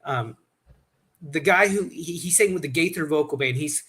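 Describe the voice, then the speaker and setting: A man's voice: on the high side, moderate pace, fairly bright tone, husky. A man hosting a casual chat, telling rambling stories with many restarts. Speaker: host.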